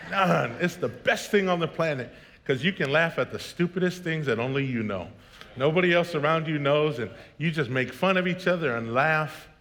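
A man's voice: on the high side, animated, normal speed, fairly bright tone. A man in his thirties preaching a sermon as pastor, telling jokey family stories and then building to emphatic preaching. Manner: storytelling, joking, rising to emphatic preaching. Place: church sanctuary. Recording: long hall reverb.

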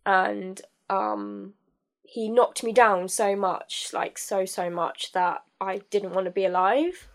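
A young woman on a podcast opens up about a personal experience, her medium-pitched voice expressive throughout. She stumbles along candidly, restarting often and using many fillers.

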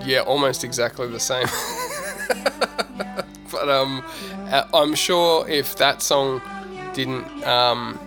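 A man hosting a podcast, chatting casually and playfully, with many pauses. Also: medium pitch, steady tone. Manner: chatty, playful, halting with fillers. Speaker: podcast host. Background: music.

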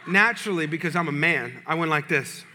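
A male pastor preaching a sermon, telling a personal story with animated, humorous delivery to his congregation. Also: fairly high pitch, fairly quick, slight background noise.

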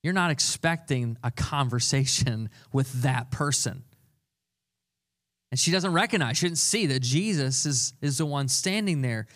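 A man's voice: mid-range voice, expressive, measured pace, fairly bright tone. A young adult man preaching a sermon, earnest and conversational, repeating key phrases for emphasis. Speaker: pastor.

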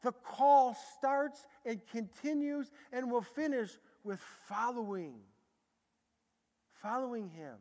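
Guy preaching in a big church, highish voice, long echo trailing off, goes loud then real quiet. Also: slow pace. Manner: animated storytelling, swinging from loud bursts to hushed tones. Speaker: pastor. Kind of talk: sermon. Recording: long hall reverb.

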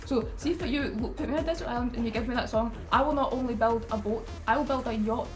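A woman with a slightly high voice chatting on a podcast, full of hesitant fillers. The room sounds echoey and music plays clearly behind her. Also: fast. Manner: reflective, then bursts into enthusiasm. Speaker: podcast panelist. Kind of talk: casual chat.

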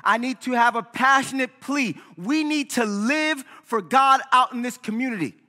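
High bright voice, guy preaching a lively sermon, echoes around the hall. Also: normal speed. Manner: animated preaching, asks "right?" often. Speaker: pastor. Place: church sanctuary.

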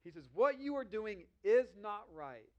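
A man preaching a sermon, reading scripture slowly and then explaining it in a conversational way. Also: sits high, lively intonation, dull audio. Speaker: pastor.

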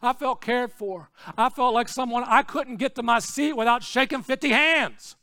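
Pastor, male, very high bright voice, dry close sound; preaches in swings from hush to shout. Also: moderate pace, dry recording. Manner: swings between hushed, low asides and shouted, repetitive preaching. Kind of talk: sermon.

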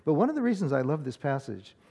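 A man's voice: on the high side, very animated, fast, mellow, breathy edge. Earnest male pastor in a reverberant hall. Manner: earnest and conversational, with frequent restarts and "uh" fillers. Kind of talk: sermon.

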